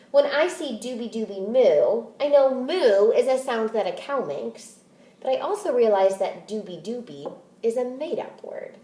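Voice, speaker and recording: A woman teacher reading a picture book aloud and explaining it, in a deliberate, expressive manner. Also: a little high, echoey room.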